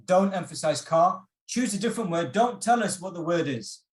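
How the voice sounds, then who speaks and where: A man's voice: high voice, lively intonation, normal speed, echoey room. A man teaching an online workshop, encouraging, repeating his instructions with frequent ums.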